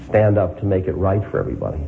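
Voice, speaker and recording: A man's voice: low voice, very animated, fast, vocal fry. Man, spiritual teacher, reflective and questioning, thin lo-fi line with faint hiss. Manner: reflective, asks questions to the listeners. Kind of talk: story reading then reflective talk. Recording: phone-like line with faint noise.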